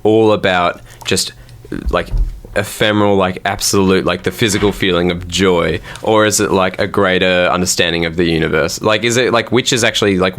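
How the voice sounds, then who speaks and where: A man's voice: deep voice, a bit bright. A young man co-hosting a podcast, musing in a rambling way with many fillers. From Australia. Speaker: podcast co-host. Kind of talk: casual chat.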